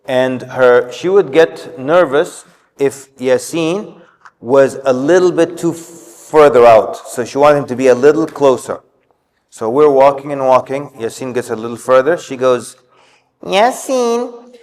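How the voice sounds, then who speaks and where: A man's voice: mid-range voice, unhurried, darkish tone. Man storytelling in a reverberant mosque hall. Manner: storytelling, acts out quotes. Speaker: community speaker. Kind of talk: informal religious talk on parenting.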